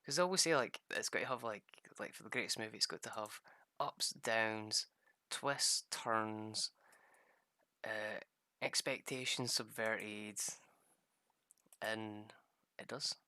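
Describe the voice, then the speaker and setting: A young man chats loosely over his game, wandering from thought to thought and cursing without a second thought. His voice is bright and pushed forward. The close mic leaves it dry, with no room sound around it. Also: fairly low pitch, takes it slowly, long pauses, no room sound. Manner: rambling, swears freely, laughs at own stories. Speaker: gaming streamer. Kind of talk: casual gameplay chat.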